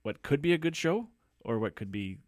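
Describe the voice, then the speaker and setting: A man hosting a radio music show, relaxed and plain-spoken as he chats and introduces the next songs. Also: a little high, a little fast, no room sound, clean studio sound.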